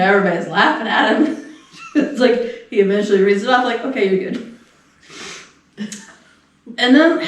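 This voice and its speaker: A middle-aged woman telling a long story on a podcast, rambling, laughing often and acting out the quotes. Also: mid-range voice. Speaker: podcast co-host. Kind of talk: casual chat. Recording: echoey room, far from the mic.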